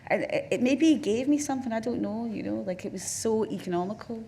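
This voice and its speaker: Her voice is a little high and warm, her pace brisk, with a faint hiss or hum behind it. She's a Glaswegian film director from Scotland, a guest on a festival stage with an audience, telling career anecdotes in a rambling, restart-heavy way full of "you know"s.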